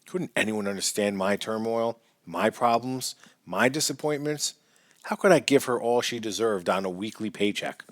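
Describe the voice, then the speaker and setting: A man narrating a first-person memoir audiobook in a measured, earnest storytelling voice, lifting his voice for shouted lines. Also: fairly low pitch, no echo.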